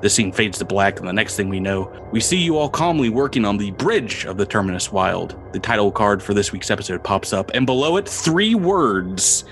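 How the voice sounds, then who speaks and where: A man narrating a tabletop game as game master, describing scenes with frequent pauses and repeated words. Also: fairly low pitch, expressive, fairly bright tone, soft background music. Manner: descriptive, halting with fillers and repeats.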